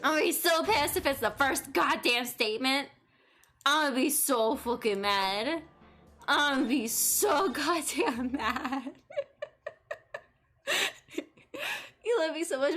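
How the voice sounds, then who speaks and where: A young woman streaming a game, giving loud, frustrated commentary full of swearing. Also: high voice, animated, measured pace, pauses often. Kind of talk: live gameplay commentary. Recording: faint game music behind.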